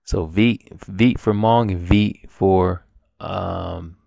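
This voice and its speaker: A man's voice: low-pitched, steady tone, drawn-out words, gravelly, mellow, no room sound, highs cut off. A man giving a casual, rambling language lesson at his computer, full of restarts and fillers. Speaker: language teacher.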